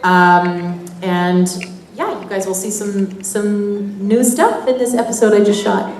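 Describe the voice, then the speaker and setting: A woman from Canada tells a story to a crowd at a convention panel, chatty, laughing as she goes. She sounds roomy and echoing, heard from a way off the mic, at a middle pitch. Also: fairly even intonation, takes it slowly, darkish tone. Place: convention hall. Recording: echoey hall from far off.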